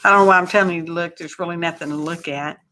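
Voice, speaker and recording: Folksy woman, craft livestream host, bright and chatty. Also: fairly low pitch, steady tone, rapid-fire, a little hiss or hum. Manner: chatty and folksy, greets viewers by name, says y'all. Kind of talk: casual live craft chat.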